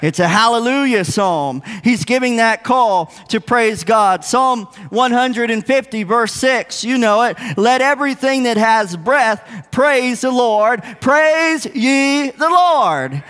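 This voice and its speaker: High-pitched male preacher in a reverberant hall. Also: a bit bright, clear, resonant tone. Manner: preaching with call-and-response, drawn-out emphatic quotes. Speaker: pastor. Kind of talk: sermon. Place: church hall.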